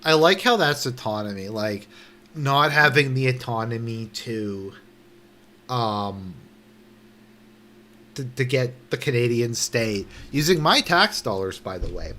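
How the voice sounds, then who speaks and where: A young man giving casual commentary while reading a news article aloud, indignant and sarcastic, swearing, halting and restarting often. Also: medium pitch, expressive, pushed and bright. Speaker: online commentator.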